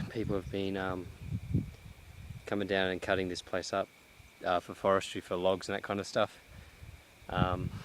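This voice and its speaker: A man talks slowly and thoughtfully into a handheld camera while out walking, restarting his sentences often. His voice sits a little low, and he sounds slightly short of breath. Faint outdoor noise runs beneath him. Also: a bit bright. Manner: reflective, halting, many restarts and fillers. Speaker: vlogger. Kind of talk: casual vlog monologue. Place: outdoors in a cut-down pine plantation.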